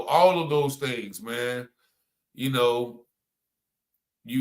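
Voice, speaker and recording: A man gives a heartfelt spoken testimony. His voice is bright and forward, with a middle pitch. He talks loosely and conversationally, circling back on phrases and filling pauses with "you know" and "man.". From North Carolina. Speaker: person giving a testimony.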